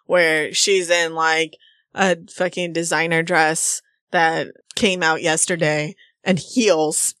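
A woman's voice: low voice, level tone, slow, a bit bright, no room sound, studio quality. A woman playing in a tabletop game, chatting casually and giggling often. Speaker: player. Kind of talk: tabletop role-play chat.

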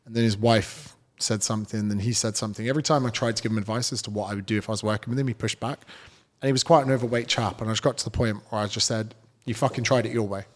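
A man's voice: lowish voice, steady tone, racing. British guy swearing loads, blunt and chatty, telling gym stories on a podcast. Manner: blunt, swears freely, storytelling. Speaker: guest, fitness trainer. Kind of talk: casual podcast interview.

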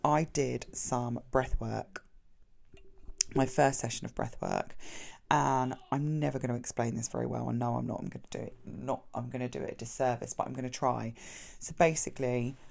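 A woman's voice: rumbling low, steady tone, vocal fry. A woman hosting her own podcast, talking chattily and effusively in a casual solo monologue. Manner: chatty and effusive, quick swings in loudness. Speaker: podcast host.

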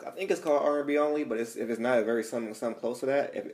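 A man's voice: medium pitch, rapid-fire, a little mellow. Laid-back young man hosting a podcast. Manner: laid-back, laughs easily, slangy. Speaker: podcast host. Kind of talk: casual chat.

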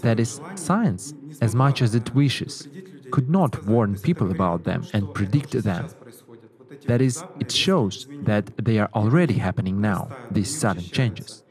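A man moderating a panel discussion, speaking in a measured, explanatory way. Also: fairly low pitch, animated, a little mellow.

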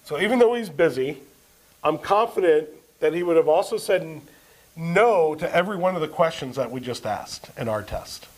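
High-voiced pastor preaching to a congregation. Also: male voice, lively intonation, moderate pace, low-quality recording. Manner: asks the congregation questions and answers them; reads scripture aloud with rising emphasis. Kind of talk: sermon. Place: church service.

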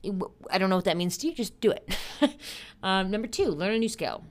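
A woman's voice: mid-range voice, animated, brisk. A young woman in her twenties hosting a casual solo podcast, talking in a bubbly, chatty way with playful asides and frequent laughs. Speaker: podcast host.

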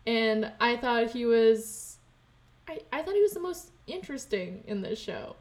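A woman's voice: on the high side, very animated, measured pace. A young woman co-hosting a casual chat, rambling and giggly, often breaking off mid-sentence. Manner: rambling, self-interrupting, giggly. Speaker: podcast co-host.

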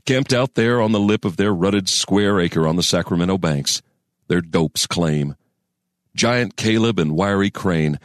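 A man narrating a western story in a folksy storyteller cadence with deliberate pauses. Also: low-pitched, no echo, studio quality. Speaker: audiobook narrator.

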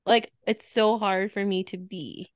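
A woman's voice: mid-range voice, fairly even intonation, unhurried, no room sound, clean studio sound. A young woman with a Chicago accent, co-hosting a podcast in giggly, joking casual chat. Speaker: podcast co-host.

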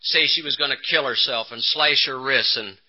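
A man giving a personal recovery testimony at a conference, telling his story with rising emphasis and dramatic pauses. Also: medium pitch. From Texas. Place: conference hall. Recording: dull lo-fi 1980s tape.

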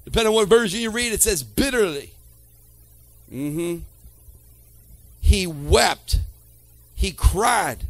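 A man preaching a sermon to a church congregation, swinging from quiet talk to shouted lines and calling out to the room. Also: high-pitched, lively intonation, takes it slowly, long pauses. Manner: calls to the congregation.

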